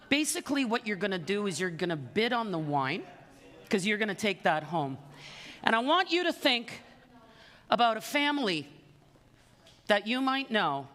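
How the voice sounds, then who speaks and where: A woman works a crowd as a charity auctioneer, her bright voice ringing through a large event hall. She coaxes and teases the bidders with lively energy, and a long reverb trails each phrase. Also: medium pitch, a little slow, pauses often. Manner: energetic, coaxing and teasing bidders. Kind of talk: live auction calling.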